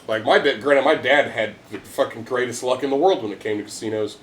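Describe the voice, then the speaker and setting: A man telling profane, animated stories in casual bar chat. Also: medium pitch, brisk, a little hiss or hum.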